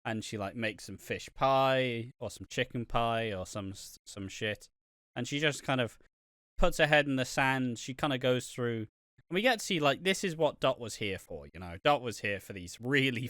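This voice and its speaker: Male podcast co-host, bright and crisp, dry close sound, loose and sweary. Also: medium pitch, unhurried, no room sound. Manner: sweary, rambling, laughs often. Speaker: podcast co-host reviewing a soap. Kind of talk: casual podcast chat.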